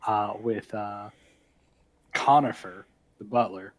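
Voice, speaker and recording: A man's voice: on the low side, takes it slowly, low-quality recording. A man narrating a tabletop game as game master, hesitant and full of fillers and restarts.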